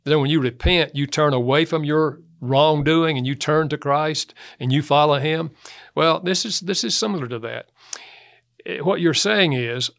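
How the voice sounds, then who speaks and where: A man's voice: medium pitch, normal speed, fairly bright tone. A man speaking as a guest author in an interview, telling anecdotes, chuckling and acting out quotes. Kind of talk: conversational interview talk.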